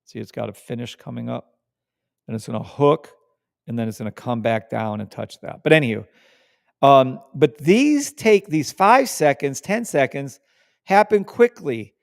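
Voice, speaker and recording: Clean studio audio without echo captures this trading livestream host's mid-range, expressive voice with vocal fry at normal speed. He's casual and emphatic, hammering points by repeating words and cursing once he gets worked up.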